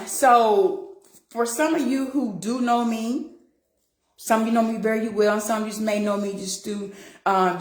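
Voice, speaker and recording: A woman's voice: medium pitch, reverberant. A woman, hosting her own show and talking earnestly and encouragingly to viewers, calling them y'all. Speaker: show host. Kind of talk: heartfelt direct-to-camera talk.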